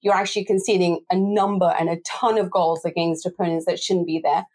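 A woman hosting a football podcast discussion, talking fast and sounding exasperated, with frequent laughs. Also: fairly low pitch, steady tone, a little mellow.

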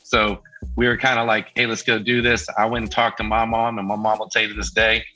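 A man's voice: fairly low pitch, fairly quick, soft background music, poor audio. A middle-aged man telling a story in casual chat, acting out the voices of the people he quotes. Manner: lively, acts out quoted voices. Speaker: band member guest.

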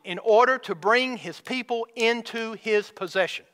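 High bright male pastor preaching, lots of drawn-out words, big reverb from the church hall. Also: clean tone. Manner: emphatic, drawn-out preaching with rhetorical questions. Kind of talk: sermon.

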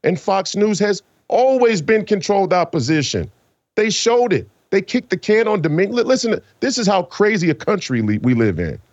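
A man's voice: sits high, sing-song, darkish tone, no echo, dull audio. A man giving impassioned political commentary as a guest, emphatic and fired up. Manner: fired up, emphatic, dramatic pauses.

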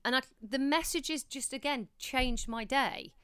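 A woman in her thirties co-hosts a casual podcast, talking things through in a reflective, rambling way. Her voice is very smooth and clear, recorded close and dry with no room sound. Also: high voice, a little slow, bright, forceful tone, no room sound. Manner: chatty, reflective, many restarts. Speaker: podcast co-host. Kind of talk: casual chat.

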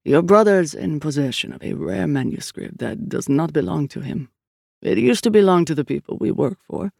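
A deep, older priest speaks with studied calm, every phrase measured and even, as a woman reading the book puts him on. A gravelly texture sits in the voice. The sound is dry and close. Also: no echo.

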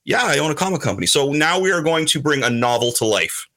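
Man, casual podcast chat, animated, lively pitch, slightly high voice. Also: quick pace. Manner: animated, slips into put-on voices for quotes. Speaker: show regular, comic publisher.

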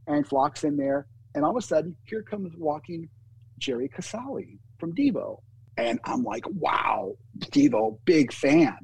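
A man, a music booking agent, telling an animated story in an interview and acting out what people said. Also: on the high side, moderate pace, creaky, husky, rough recording. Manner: animated anecdote teller, acts out quotes.

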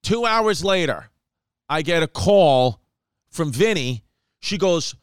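A man spins a rambling comic story, quick and animated, acting out quoted lines. His voice sits fairly high and sounds smooth and clear. The recording is dry and close. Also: no room sound. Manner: animated, fast, acts out quotes with Spanish asides. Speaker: comedian telling a story. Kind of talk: casual storytelling monologue.

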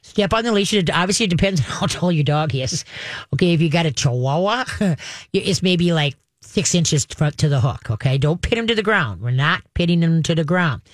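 A woman's voice: on the low side, animated, normal speed, no echo, studio quality. Chatty woman giving dog training advice. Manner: chatty, repeats "okay", acts out dogs and owners. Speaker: dog trainer, radio show host. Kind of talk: call-in advice show talk.

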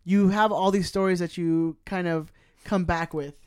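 A man co-hosting a podcast, telling stories quickly with lots of fillers. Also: sits high, steady tone, darkish tone, smooth. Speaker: podcast co-host. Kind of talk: casual storytelling chat.

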